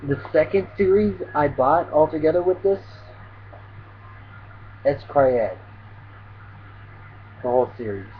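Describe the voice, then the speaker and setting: A man's voice: a little high, lively intonation, slow, long pauses, narrow, tinny audio, a little hiss or hum. A man casually chatting through an anime tag video as a vlogger, rambling with lots of fillers.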